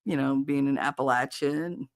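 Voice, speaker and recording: A woman's voice: a bass voice, moderate pace, dry recording, clean studio sound. A woman in her fifties with a New Jersey accent, hosting a podcast and telling stories in a casual, blunt and profane way, acting out both sides of a conversation. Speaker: podcast host. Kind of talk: casual storytelling chat.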